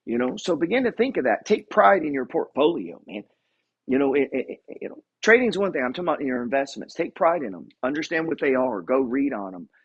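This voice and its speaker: A man's voice: mid-range voice, big pitch swings, fairly quick, slightly rough. A man investor giving a blunt, profane motivational rant about money and real estate. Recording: dull lo-fi recording.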